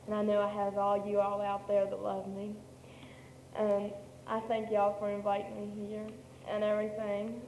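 A woman's voice: mid-range voice, monotone, normal speed, darkish tone. A woman shares a personal testimony at a meeting, rambling and correcting herself as she goes. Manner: rambling storytelling, many restarts and self-corrections. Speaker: speaker sharing her story at a meeting. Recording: echoey hall with faint background noise.

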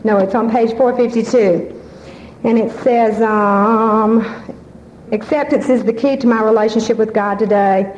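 A woman gives a halting, heartfelt personal testimony at a recovery fellowship meeting. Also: on the high side, steady tone, darkish tone. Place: large meeting hall. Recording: echoey hall, muffled lo-fi sound, faint hiss.

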